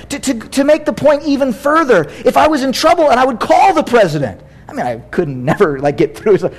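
A middle-aged American man preaching a sermon as pastor, conversational and animated, with playful asides. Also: very high-pitched, brisk, few pauses, breathy edge.

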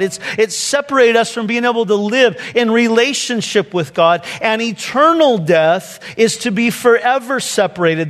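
A man with a high, light voice preaches a sermon, dropping to hushed, soft lines and then breaking into quick, conversational asides. His voice carries a long reverb from a large church hall. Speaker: pastor. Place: church sanctuary.

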